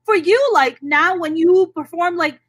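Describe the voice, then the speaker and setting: A woman's voice: extremely high pitch, measured pace, fairly bright tone. A woman comic hosting a casual interview, blunt and laughing easily, with frequent swearing. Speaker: host and stand-up comic.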